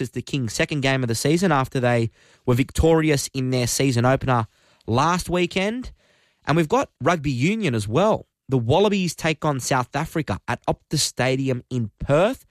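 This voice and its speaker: A man hosting a live radio quiz, upbeat, friendly and brisk. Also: medium pitch, no room sound, clean studio sound. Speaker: radio host. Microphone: studio microphone.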